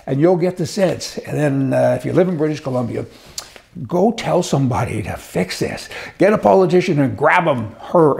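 Gravelly guy ranting away, sarcastic and fed up, bit of a higher voice. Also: darkish tone. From Canada. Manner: sarcastic, exasperated, chuckling asides. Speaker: commentator. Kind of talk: casual ranting monologue.

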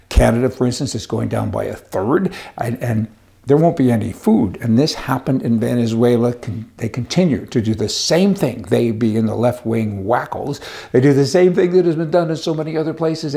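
A man's voice: medium pitch, gravelly, mellow. A man delivering a rambling, indignant opinion monologue with a sarcastic edge. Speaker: commentator.

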